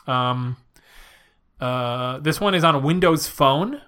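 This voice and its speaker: A man's voice: mid-range voice, slow, sharp tone, clean tone. A man co-hosting a podcast in casual comedic chat, teasing and laughing often. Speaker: podcast co-host.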